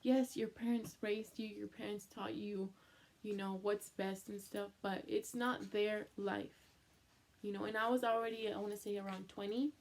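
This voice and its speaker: A woman's voice: medium pitch, steady tone, moderate pace, a little mellow. Chatty young woman telling her story. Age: 20s. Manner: chatty, full of "like", mixes in Spanish phrases. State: teary after crying. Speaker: vlogger. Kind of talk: emotional storytime.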